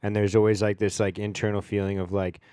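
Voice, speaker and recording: Smooth low-voiced young podcast host. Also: male voice, little pitch movement, quick pace, mellow, no room sound, studio quality. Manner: chatty, heavy use of "like". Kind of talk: casual podcast interview.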